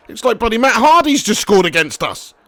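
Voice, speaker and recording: A man commentating his football game live and reading out chat messages, excitable and swearing. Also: high voice, no room sound. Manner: excitable, swears, cheeky banter. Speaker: gaming streamer.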